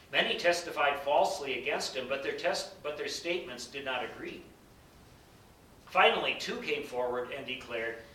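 A man reads scripture aloud at a measured, solemn pace. His voice is bright and clear, ringing through a roomy, echoing space. He sounds set back from the mic, with a faint rumble behind him. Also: distant mic. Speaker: scripture reader.

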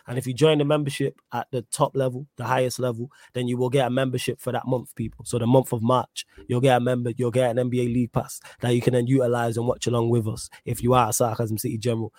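An energetic man closes out his podcast, firing off plugs and shout-outs in quick casual slang. His voice sits in a middle register and sounds dry and close, with no room around it. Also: medium pitch, no room sound. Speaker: podcast host.

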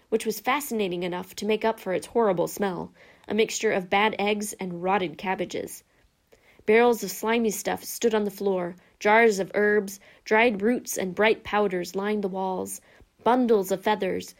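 A woman narrating a children's fantasy book with steady, measured reading. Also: mid-range voice. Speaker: audiobook narrator. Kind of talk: scripted narration.

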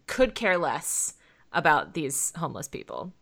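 Woman co-host, casual recapper, giggly, lowish pitch, bright tense tone. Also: wildly swooping pitch, a little slow, gravelly. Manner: giggly, narrates scene by scene. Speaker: podcast co-host. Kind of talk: casual chat recapping a TV episode.

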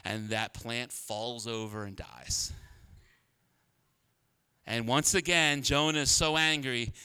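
A pastor preaching a sermon in a humorous, conversational way, laughing often. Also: male voice, mid-range voice, steady tone, takes it slowly, bright, forceful tone, smooth. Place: church.

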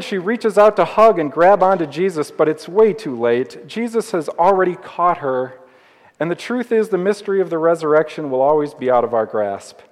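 High-voiced pastor in a reverberant church. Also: male voice. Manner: playful, conversational preaching with jokes. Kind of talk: sermon. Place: church sanctuary. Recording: long reverb of a church hall.

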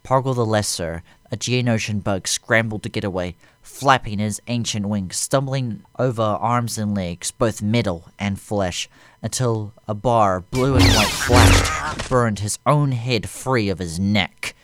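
A man narrating a fan story aloud in a steady, even way. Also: lowish voice, a little slow, no echo.

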